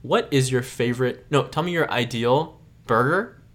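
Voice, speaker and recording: A man's voice: medium pitch, moderate pace, fairly bright tone. A young man co-hosting a podcast, chatting casually in a playful, joking way. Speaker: podcast co-host. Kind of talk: casual chat.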